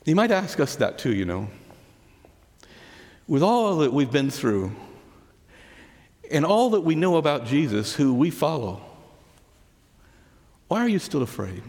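A man preaching a sermon, telling the story earnestly and dropping to soft, hushed words on key lines. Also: on the high side, sing-song, measured pace, pauses often. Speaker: pastor. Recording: long hall reverb.

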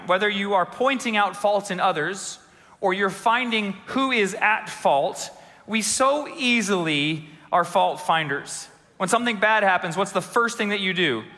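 A man's voice: high-pitched, sharp tone, big-room sound. A male pastor preaching a sermon, mixing humorous stories with questions to the congregation. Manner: storytelling with humor and audience questions.

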